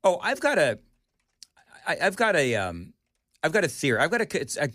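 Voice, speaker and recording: A man hosting a morning talk radio show, bantering and joking with his co-host in an animated way. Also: a little high, dry recording, studio quality. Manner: animated, joking, quick back-and-forth. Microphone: studio microphone.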